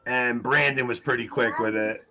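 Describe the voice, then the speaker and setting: A man hosting a casual trivia show, chatty and quick to laugh, calling out names as people answer. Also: medium pitch, fairly even intonation, pushed and bright. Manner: chatty, laughs often, reads names from chat. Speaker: quiz show host.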